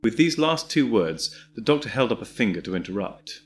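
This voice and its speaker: A man reading an audiobook in a measured, descriptive storytelling manner. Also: fairly low pitch, sing-song. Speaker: audiobook narrator. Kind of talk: scripted audiobook narration.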